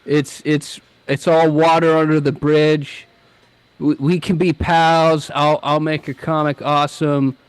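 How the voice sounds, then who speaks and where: A man's voice: on the high side, little pitch movement, a little slow, clean tone, no echo. A man, a comic writer, talking as a guest in casual chat, rambling with hesitant restarts and mocking quotes.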